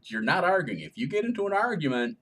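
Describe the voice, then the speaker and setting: A man's voice: on the high side, big pitch swings, quick pace, fairly bright tone. A man co-author answering reader questions in a casual chat, explaining things in a jokey way.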